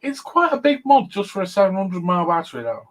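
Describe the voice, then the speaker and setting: A man's voice: high-pitched, huge pitch swings, fast, rough recording. A man hosting a casual chat, laid-back and chatty, often laughing. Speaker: host.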